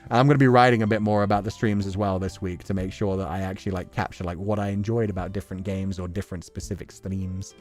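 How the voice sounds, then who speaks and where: Speaking fast with few pauses, a man with a low, steady, darkish voice hosts a casual livestream and reads out viewer messages. He uses lots of fillers and laughs frequently, with faint music behind him.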